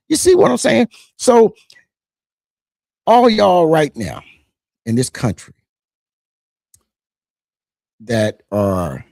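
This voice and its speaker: A man's voice: mid-range voice, vocal fry, no echo, studio quality. A middle-aged man from the United States, hosting his own channel with casual, emphatic commentary that often restarts mid-sentence. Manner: animated, emphatic, frequent restarts. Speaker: channel host.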